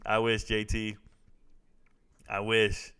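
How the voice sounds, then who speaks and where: A man's voice: lowish voice, monotone, takes it slowly, sharp tone, smooth. A young man hosting a casual live stream, joking and trash-talking as he reads viewer comments. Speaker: livestream host reacting to fights.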